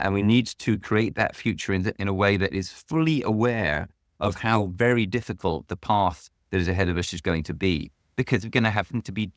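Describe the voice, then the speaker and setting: A man's voice: low voice, no room sound, studio quality. A man answering as a guest author on a podcast, earnest and emphatic, leaning hard on key words.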